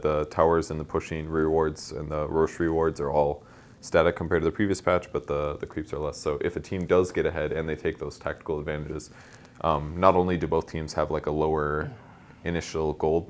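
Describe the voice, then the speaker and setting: A man giving casual esports game analysis, explaining tactics quickly with lots of fillers. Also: rumbling low, flat delivery. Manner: fast, knowledgeable, explaining tactics with many fillers.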